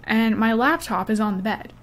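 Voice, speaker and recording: A gaming YouTuber, a young woman with a slightly high voice and moderate pace, rambles and giggles through a life-sim game. She's chatty and easily distracted, mixing let's-play commentary with story time.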